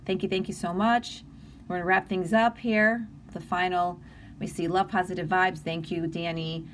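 A woman's voice: on the low side, fairly even intonation, moderate pace, a little hiss or hum. A middle-aged woman hosting a live stream, talking in an earnest, emotional, encouraging way, with many restarts, and reading out viewer comments. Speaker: livestream host.

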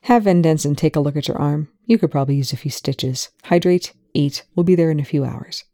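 A brisk male commanding officer issues clipped orders, read by a storyteller. His tone is mellow and gravelly, recorded dry and close. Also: mid-range voice, dry recording, natural voice.

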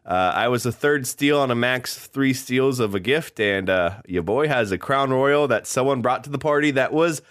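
Animated young man on a podcast. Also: medium pitch, moderate pace, hardly any pauses. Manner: animated, laughing, exclaims in bursts. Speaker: podcast co-host. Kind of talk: casual chat.

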